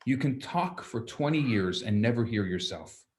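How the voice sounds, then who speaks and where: Male rabbi-teacher, storytelling lecture, animated delivery, mid-range voice, occasional restarts. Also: medium pitch, moderate pace.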